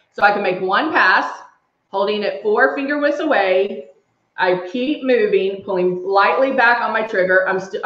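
A woman's voice: medium pitch, pushed and bright. Chatty woman demoing makeup live. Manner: chatty, talks through each step while reading viewer comments. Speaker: makeup demonstrator on a livestream. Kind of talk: casual live makeup tutorial. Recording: echoey room, slightly dull sound.

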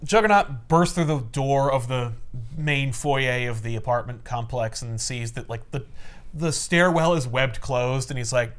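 A man casually recapping a comic book with friends, acting out the characters in quick voices. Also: mid-range voice, smooth. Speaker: comic podcast co-host.

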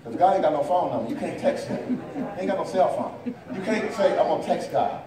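High-voiced preacher echoing through a church. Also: male voice, expressive, brisk, crowd noise. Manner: call-and-response preaching, rising and falling. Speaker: pastor. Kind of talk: sermon. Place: church sanctuary. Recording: echoey church from far off with congregation.

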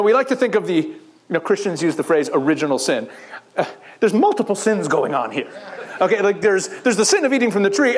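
A middle-aged man from Israel, a rabbi giving a sermon-style Bible teaching to a church audience, telling the story with lively asides and acting out the characters' lines. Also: high voice. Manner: animated storytelling, acts out the biblical characters in quoted voices.

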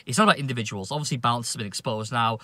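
A man's voice: mid-range voice, sharp tone, dry recording. A man ranting indignantly to camera as a cricket vlogger, swearing often and stumbling over restarts. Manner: indignant, profane, halting with many restarts. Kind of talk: opinion rant to camera.

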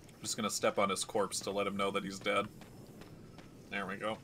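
A man's voice: fairly low pitch, completely flat delivery, brisk, pushed and bright, slight background noise. A man streaming a video game, chatting casually and rambling through stories as he plays. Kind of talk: casual gameplay commentary.

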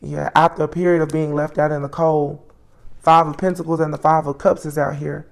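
A woman giving a solo tarot reading, musing aloud as she names each card, with soft exclamations along the way. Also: sits low, little pitch movement, fairly quick, vocal fry. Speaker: tarot reader.

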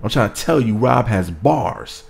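A young man doing a casual commentary vlog, reading quotes aloud and hyping them up with animated reactions. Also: lowish voice, unhurried, gravelly, husky. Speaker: celebrity gossip vlogger.

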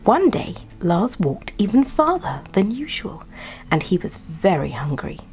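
Gentle woman storyteller, hushed and half-whispered, melodic delivery. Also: mid-range voice, sing-song, unhurried, soft background music. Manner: soft, partly whispered. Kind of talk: soft bedtime story reading.

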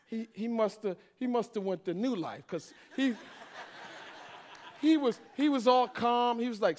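A man's voice: very high-pitched, normal speed. A middle-aged man, a pastor, telling a humorous personal testimony in a sermon, joking with the congregation as he goes. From Washington, D.C. area. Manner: animated storytelling, jokes with congregation.

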